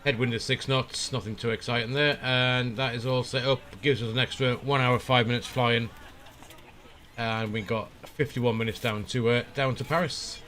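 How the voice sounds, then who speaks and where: A man's voice: medium pitch, slight background noise. Easygoing man talking through flight checks. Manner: relaxed, thinking aloud with frequent "uh" pauses. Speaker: flight simulator streamer. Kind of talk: casual live-stream commentary.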